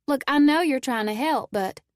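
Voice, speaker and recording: A woman voicing a spirited teenage girl who answers back quickly and defensively, in an audiobook reading. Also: mid-range voice, fairly even intonation, vocal fry, warm tone, no room sound, studio quality. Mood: indignant. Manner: quick, indignant retorts.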